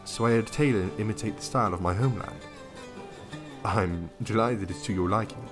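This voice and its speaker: A stern, formal foreign gentleman, voiced by a man reading a visual novel, courteous and measured in every word. His speech is polite but reserved, with no warmth beyond good manners. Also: on the low side, over music, natural voice.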